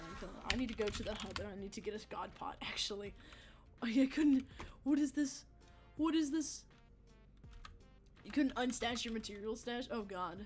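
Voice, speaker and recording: Chatting over her gameplay on a livestream, a young woman rambles, cusses without restraint and laughs a lot. Her pitch is medium and her tone a bit bright.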